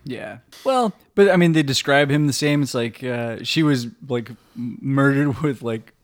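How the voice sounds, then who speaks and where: A man co-hosting a film podcast, laughing often and chiming in with short agreements and quick voiced lines. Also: medium pitch. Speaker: podcast co-host. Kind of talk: casual film-discussion chat.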